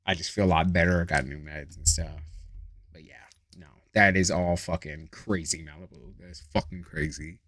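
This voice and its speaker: A man with a very low voice talks casually to his live-stream viewers as a tarot reader. He swears freely and reads their comments aloud. The sound is dry and close, and keyboard typing is heard behind him. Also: steady tone, moderate pace, a bit bright, no room sound.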